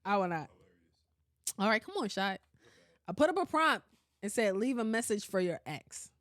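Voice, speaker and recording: A woman hosting a podcast in casual chat, animated and blunt, swearing freely and often breaking into laughter. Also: medium pitch, moderate pace, no room sound, studio quality. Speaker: podcast host.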